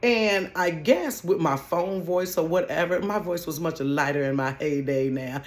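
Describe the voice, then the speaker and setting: Woman, casual storytime, chatty, animated, recorded at home. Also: low voice, unhurried. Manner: chatty, animated, keeps calling listeners honey. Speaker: vlogger telling a work story.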